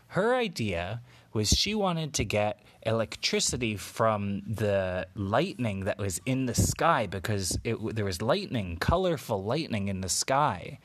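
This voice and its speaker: A man spinning an improvised bedtime story for a child at a slow, unhurried pace. He speaks gently, pausing and filling gaps as he makes it up. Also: lowish voice. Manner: slow, gentle, with pauses and fillers.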